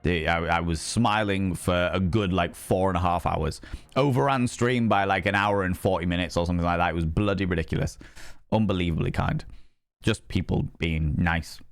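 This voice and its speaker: A man's voice: sits low, normal speed, clean tone, no echo, clean studio sound. A man with a Yorkshire accent chatting casually and swearing often on a live stream, laughing easily.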